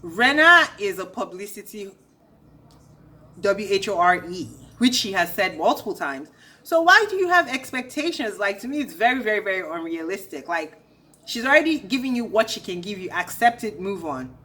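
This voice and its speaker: A woman's voice: medium pitch, sing-song, brisk, bright, forceful tone. A young woman ranting through a casual recap of a reality show, sassy and blunt with a gossipy edge.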